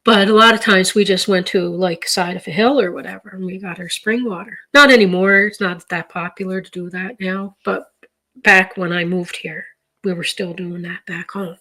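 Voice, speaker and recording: A woman's voice: on the low side, fairly even intonation, normal speed, pushed and bright. A middle-aged woman from Canada's East Coast, chatting casually through a grocery haul and rambling stories with many fillers and restarts. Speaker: vlogger showing a grocery haul. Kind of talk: casual chat.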